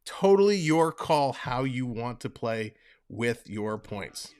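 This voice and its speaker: A man's voice: mid-range voice, very animated, takes it slowly, darkish tone, clear, resonant tone. A man hosting a live stream, calling hockey play-by-play in an upbeat, chatty way and talking to viewers in the chat. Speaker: livestream host and play-by-play commentator.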